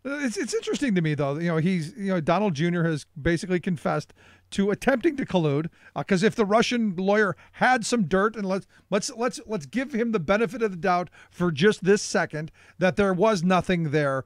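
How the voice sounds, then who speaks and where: High-voiced radio host, dry sound. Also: male voice, lively intonation, fairly quick, dry recording. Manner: questioning, conversational, with hesitant fillers. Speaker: radio talk show host. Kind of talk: casual political talk.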